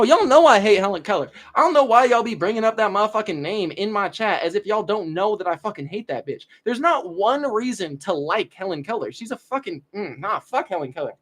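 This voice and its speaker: A young man with a high, light voice chats on a livestream, swearing freely and drifting between stories and chat questions. He rambles, repeats himself, and lets his sentences trail off into low mumbles. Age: young adult. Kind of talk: casual livestream chat and storytelling.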